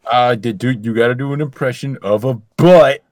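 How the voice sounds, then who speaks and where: A man's voice: mid-range voice, normal speed, darkish tone, no echo. A man co-hosting a comedy podcast, exasperated and repeating himself for comic effect. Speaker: podcast co-host. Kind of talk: casual comedy banter.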